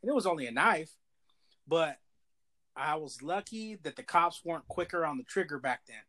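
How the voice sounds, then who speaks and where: A man with a slightly raised voice telling a personal story in loose, profane street slang. His talk is casual and animated, and he swears as he goes. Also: fairly high pitch, normal speed.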